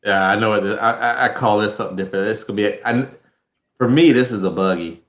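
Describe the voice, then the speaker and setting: A man, a guest in a casual livestream chat on a video call, speaking in a relaxed, laid-back way. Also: lowish voice, quick pace. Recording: echoey room.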